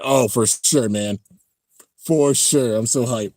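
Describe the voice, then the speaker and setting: A man hosting a casual live-stream reaction, talking excitedly and rambling as he comments on an episode. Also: mid-range voice, slow, no room sound, clean studio sound. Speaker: channel host reacting to an anime episode.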